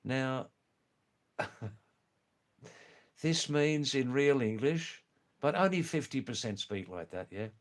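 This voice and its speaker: A man chats on his live stream, answering viewers' comments in an unhurried, reflective way. He hesitates often and fills gaps with "um" and "uh". His voice sits at an everyday middle pitch. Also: expressive. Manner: slow, thoughtful and hesitant, with many pauses and fillers.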